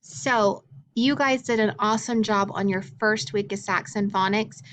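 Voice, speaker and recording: A woman teaching a phonics lesson to young children, speaking slowly and clearly with frequent encouraging praise. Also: mid-range voice.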